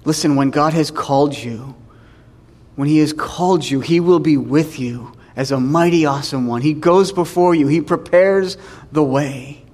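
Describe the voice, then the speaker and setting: A man's voice: on the high side, normal speed, darkish tone, big-room sound. A man preaching a sermon in a conversational way, dropping in tag questions and acting out the scripture dialogue.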